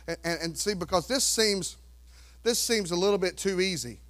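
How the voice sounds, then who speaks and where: A preaching pastor with an unusually high male voice. He stays emphatic throughout, pressing the congregation with rhetorical questions. He drops to near whispers and then rises to shouts. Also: normal speed, long pauses. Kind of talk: sermon.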